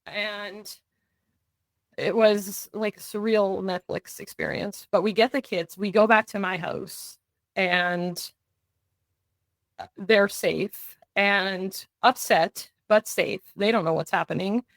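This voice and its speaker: Taking her time, a young adult woman with a mid-range voice and fairly even intonation earnestly relates a personal story as a podcast guest, with no room sound. She delivers events in vivid runs and acts out quoted dialogue.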